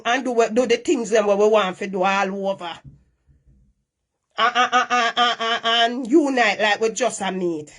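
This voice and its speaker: Scolding Jamaican woman on a live stream. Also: on the high side. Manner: scolding, repetitive, Patois-heavy.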